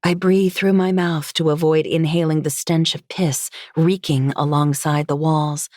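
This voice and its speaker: Female narrator, low voice, dry close-mic first-person audiobook read. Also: steady tone, unhurried, darkish tone, no room sound.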